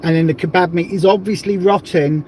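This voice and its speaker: High-voiced chatty man hosting a livestream. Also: fairly even intonation, brisk, darkish tone, a little hiss or hum. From south of England. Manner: chatty, rambling, jokey. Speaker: livestream host. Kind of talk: casual livestream chat.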